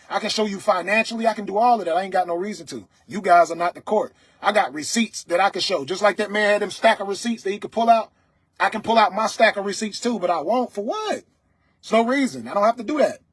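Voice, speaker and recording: An adult man on a livestream, speaking loudly and sternly to his viewers as a motivational talk, often asking "you understand me?". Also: high-pitched, breathy edge, no room sound. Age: adult, father of several children. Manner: loud, stern, preaching; dialect grammar, repeated "you understand me?". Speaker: livestream host.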